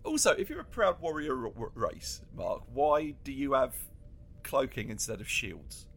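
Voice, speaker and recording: Animated English man, lively podcast chat. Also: mid-range voice, vocal fry. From England. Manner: animated, halting, laughs a lot. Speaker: podcast co-host. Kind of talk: casual chat.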